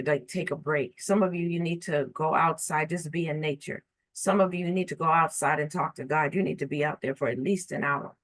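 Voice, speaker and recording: A woman telling a personal story in an earnest, halting way, often restarting and repeating her words. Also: fairly low pitch, dry recording, poor audio.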